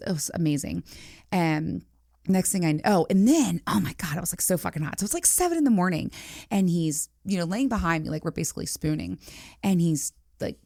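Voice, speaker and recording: A woman's voice: sits low, creaky, a little mellow, dry recording, studio quality. A woman in her forties hosting a podcast, talking frankly and explicitly in casual chat with many fillers. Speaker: podcast host.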